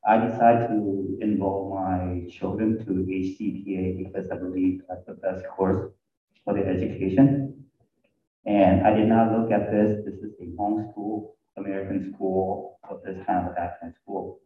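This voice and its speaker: Parent at a forum, man, low-pitched, slow and earnest, echoey hall, tinny far-off mic. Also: flat delivery. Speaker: parent speaking at a school forum. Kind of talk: public comment at a meeting.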